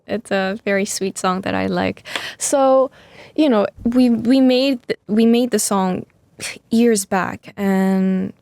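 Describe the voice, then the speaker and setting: Young woman guest, talks slow and careful, halting, dry close sound. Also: medium pitch, gravelly, no echo. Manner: soft-spoken, halting, searching for words. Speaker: musician guest. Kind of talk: casual interview chat.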